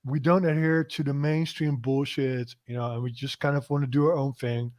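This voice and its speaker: A man's voice: mid-range voice, little pitch movement, moderate pace, darkish tone. A man hosting a casual, profane chat, often cutting in with enthusiasm. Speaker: podcast host.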